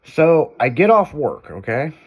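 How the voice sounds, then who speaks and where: A man's voice: a little high, sing-song, measured pace, husky, narrow, tinny audio. A man hosting a radio show, telling a long crude story in loose casual talk.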